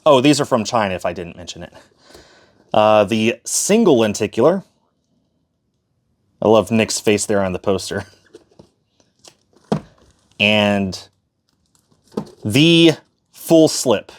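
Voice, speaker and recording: A man's voice: on the low side, lively intonation, slow, pauses often. A man giving a casual, chatty tour of his disc collection, with fillers and self-corrections as he goes. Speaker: collector showing his shelf.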